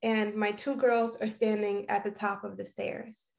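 A woman in her thirties telling a personal story in a casual, reflective way, often halting and starting sentences over. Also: mid-range voice, level tone, creaky, a little mellow. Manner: reflective, halting, with frequent restarts.

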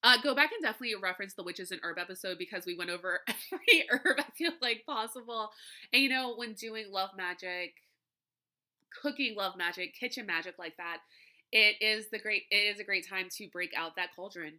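A woman's voice: medium pitch, fairly quick, sharp tone. A young adult woman hosting a podcast in casual chat, rambling with lots of "like" and "you know" and laughing often. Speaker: podcast host.

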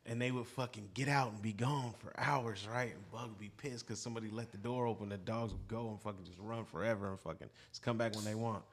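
A man's voice: lowish voice, steady tone, fast talker, few pauses. A man telling a rambling, slang-filled story in casual podcast chat.

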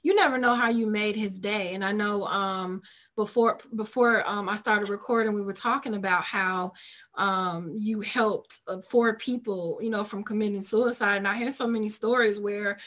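A woman hosting an interview, talking casually and haltingly with many ums. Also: medium pitch, fairly even intonation, fairly bright tone. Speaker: host.

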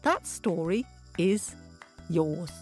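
Slow, lively woman reading a children's story. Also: lowish voice, husky, faint music behind. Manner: expressive, gentle, addresses young listeners.

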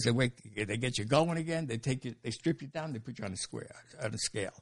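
An older man telling stories as an interview guest, animated and laughing, with casual swearing. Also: mid-range voice, fast, hardly any pauses. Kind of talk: storytelling in an interview.

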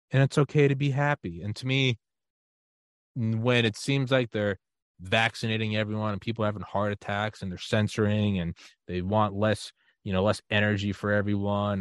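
Male podcast host with a fairly low voice, chatty and animated, dry close recording. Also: no echo. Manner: animated storyteller, acts out quoted voices. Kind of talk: casual conversation.

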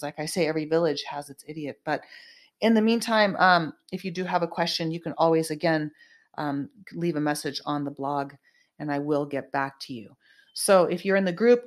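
A woman hosting her own show, talking casually in a rambling, emphatic way with lots of ums and uhs. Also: sits low. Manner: rambling, emphatic, with many fillers. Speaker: podcast host. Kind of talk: casual monologue.

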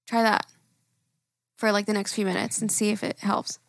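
A woman's voice: mid-range voice, level tone, normal speed, no echo, studio quality. A woman co-hosting a podcast in casual chat, playful, swearing and laughing often. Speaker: podcast co-host. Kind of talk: casual chat, reading listener emails.

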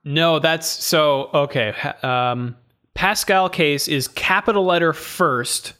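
Bright-voiced man reading race listings. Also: a little high, slow pace, clean tone. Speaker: podcast co-host. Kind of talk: casual chat, reading race schedule.

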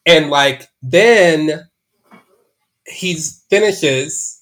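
A man with a somewhat high voice tells a long, candid story as a podcast guest. He rambles, restarting sentences and filling gaps with "like". He is recording from his bedroom at home. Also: lively intonation, extremely slow, a bit bright. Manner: rambling, frequent "like" fillers and restarts.

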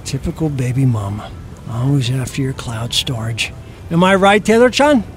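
A man's voice: medium pitch, lively intonation, normal speed, a little hiss or hum, close to an everyday voice. A man voicing a boastful young bro with a brash, salesy patter.

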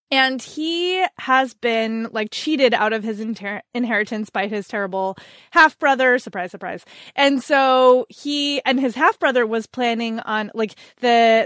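A woman co-hosting a casual book chat, enthusiastic, with quick asides and playful retellings. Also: on the high side, fairly bright tone, no echo, clean studio sound. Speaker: podcast co-host.

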